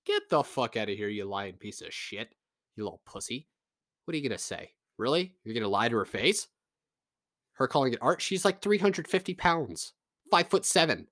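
A man's voice: medium pitch, sing-song, normal speed, a bit bright, no echo, clean studio sound. A man from Canada delivering a casual, profane, sarcastic rant to his audience. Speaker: vlogger.

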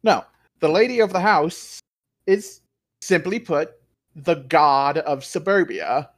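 A man's voice: on the high side, slow pace. A man playing a tabletop game, explaining his character's world in a loose, rambling way. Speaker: player. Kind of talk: tabletop role-play.

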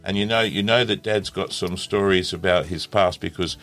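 A man's voice: low-pitched, steady tone, normal speed, a bit bright, faint music behind. A man hosting a casual interview, jovial and laughing often as he leads laughing exercises. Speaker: host.

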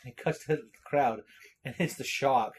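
A man's voice: medium pitch, normal speed. A man co-hosting a casual podcast chat about movies and shows, laughing often and acting out quotes. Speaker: podcast co-host.

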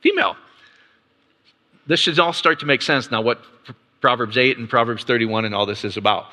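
A man with a bright, forceful voice gives a loose, conversational Bible lesson to a group in front of him. He keeps tossing in a quick "right?" and trips into restarts as he works through his points. His voice carries a long reverb, as if the mic picks him up in a large hall. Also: medium pitch. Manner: casual, peppers points with rhetorical "right?"; frequent restarts and stammered repeats. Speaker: Bible teacher. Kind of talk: conversational Bible teaching with slides.

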